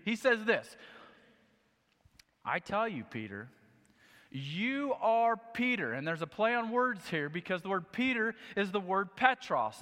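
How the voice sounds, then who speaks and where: A man's voice: high-pitched, pushed and bright. A man preaching a sermon, telling a story with animation and acting out the quotes. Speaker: pastor. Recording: long hall reverb.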